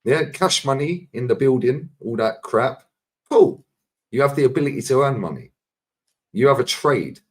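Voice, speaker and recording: A man in casual chat, animated, swearing and saying "bro" and "yeah" often. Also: fairly low pitch, slightly rough.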